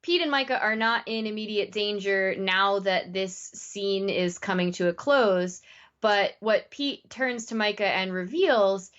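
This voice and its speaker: A woman co-hosting a podcast, retelling scenes with animated energy and frequent "like" fillers. Her voice sits at a middle pitch. The recording sounds slightly dull and lo-fi. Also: a little slow. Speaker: podcast co-host. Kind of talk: casual recap chat.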